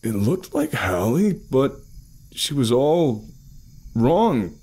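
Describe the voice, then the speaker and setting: A man's voice: mid-range voice, very animated, takes it slowly, a little mellow, slightly rough, voice pushed up, full character voice. A man voicing a blunt teenage boy who speaks in a tense, urgent way. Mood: shaken.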